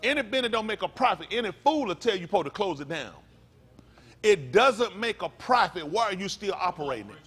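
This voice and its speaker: High, animated fiery preacher man. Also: brisk, slightly rough. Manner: fiery, slangy, fires rhetorical questions at the room; swings between low mutters and high bursts. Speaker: pastor. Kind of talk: preaching sermon to a congregation. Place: congregation meeting room.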